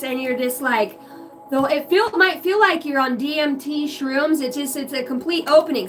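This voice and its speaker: A woman's voice: high-pitched, recorded from a distance. A woman giving a rambling, profane channeled reading to her viewers, free-associating and giggling at herself. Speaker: psychic reader on a livestream.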